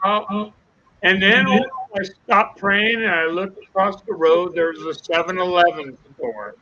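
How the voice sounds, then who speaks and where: An older man recounts a life-changing moment, earnest and emotional, playing every part in the dialogue himself. His voice is bright and sits fairly high. The audio comes over a dull, lo-fi video call. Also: normal speed. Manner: earnest storyteller acting out dialogue. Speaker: guest. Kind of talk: emotional personal testimony.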